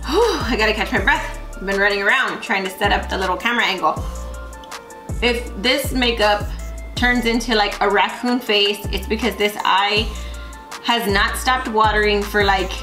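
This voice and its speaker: A woman's voice: medium pitch, fairly even intonation, normal speed, sharp tone. A young woman from Texas, talking to her camera at home in a casual vlog, rambling with lots of fillers. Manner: talkative, rambling with many fillers. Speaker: vlogger. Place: room at home. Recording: echoey room, faint music behind.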